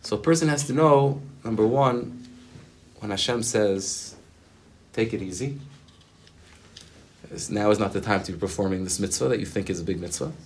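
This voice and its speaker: Deep-voiced rabbi telling a story. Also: male voice, brisk, a little hiss or hum. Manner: casual, rambling, full of fillers and Hebrew terms. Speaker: rabbi teaching a weekly gathering. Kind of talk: spontaneous Torah talk and storytelling. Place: group gathering in a room.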